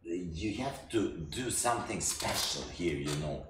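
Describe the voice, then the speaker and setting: A man teaching a language lesson, slow and halting, with many restarts. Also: low-pitched, lively intonation, roomy sound, noisy background.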